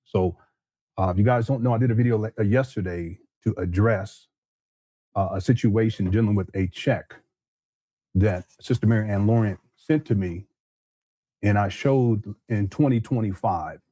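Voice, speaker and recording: A man's voice: lowish voice, normal speed, mellow, no room sound. A male show host explaining step by step to his viewers, careful and hesitant, with many fillers.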